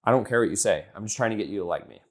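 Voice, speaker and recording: A blunt young business coach gives loose, casual sales advice in a fairly low voice, swearing without a second thought. He is expressive and talks at a racing clip, shifting to a brighter, higher tone when he acts out chats and texts.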